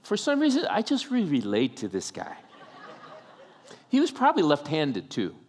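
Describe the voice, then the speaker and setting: A man's voice: on the high side, wildly swooping pitch, normal speed. A male pastor preaching a sermon, telling a story with humorous asides and acting out the scenes.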